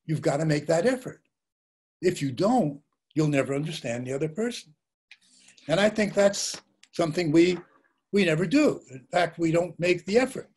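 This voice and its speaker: Older guy lecturing, kinda husky voice, pitched a bit high, thoughtful and storytelling. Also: lively intonation, moderate pace, a little mellow. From Russia and the United States. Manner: reflective, storytelling, rhetorical questions. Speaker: journalist giving a talk.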